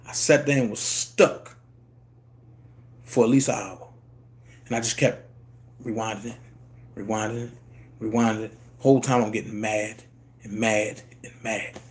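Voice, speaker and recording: A man, telling a personal story in a casual monologue and jumping into high voices to quote people. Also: fairly even intonation, measured pace, long pauses. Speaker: YouTube commentator.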